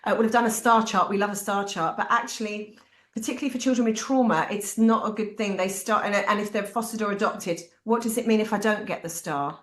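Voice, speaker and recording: A woman's voice: medium pitch, brisk. A middle-aged woman, telling personal family stories at a talk and acting out bits of dialogue. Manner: animated, acts out family dialogue. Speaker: parent speaking at a talk. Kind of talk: personal storytelling in a panel talk. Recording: echoey room.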